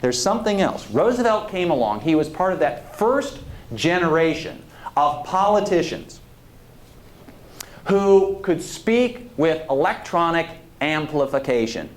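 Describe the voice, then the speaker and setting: A man's voice: a little high, expressive, normal speed. A man giving a public lecture as a historian, talking in a conversational, digressive way and putting questions to the audience. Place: lecture hall. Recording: echoey lecture hall.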